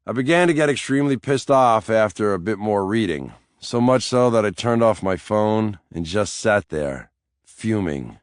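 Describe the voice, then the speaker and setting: A man with a very deep voice narrates a crime thriller in first person, brooding and sardonic. The read is close and dry, with no room sound. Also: animated, normal speed, smooth, dry recording. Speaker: audiobook narrator.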